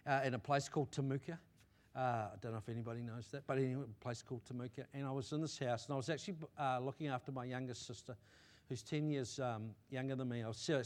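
A man preaching a sermon and sharing his testimony, halting with restarts and swelling to loud emphatic peaks. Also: medium pitch. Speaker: pastor.

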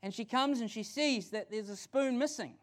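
A man with a New Zealand accent preaching a sermon in a church, excited and conversational, often restarting his sentences. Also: very high-pitched, normal speed. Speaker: pastor.

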